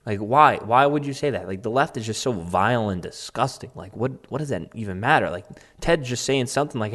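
Speaking somewhat low but a bit bright, a man delivers expressive, moderately paced commentary as a political pundit reading online posts aloud. He rambles casually, mocks and sneers, laughs now and then, and leans heavily on "um" and "like."

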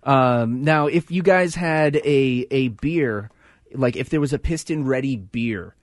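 A man's voice: mid-range voice, no echo. A man hosting a local music radio show, chatting casually with a band in the studio and filling his talk with many "uh"s. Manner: halting, many filler words. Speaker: radio host.

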